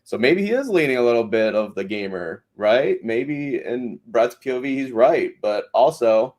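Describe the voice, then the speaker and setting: A man's voice: mid-range voice, lively intonation, normal speed, darkish tone. A man hosting a podcast, recapping a reality show in rambling casual chat full of fillers. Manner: rambling, many fillers and restarts. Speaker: podcast host.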